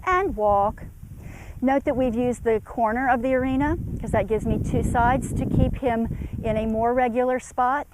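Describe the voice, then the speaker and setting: A woman's voice: on the high side, darkish tone, rough recording. A woman horse trainer giving an instructional demonstration in an outdoor arena, calling commands to a horse between her explanations.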